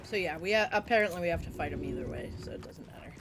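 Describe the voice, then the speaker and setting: A woman's voice: lowish voice, fast talker, over music. Chatty woman explaining a game's story. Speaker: game streamer. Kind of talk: casual gameplay commentary.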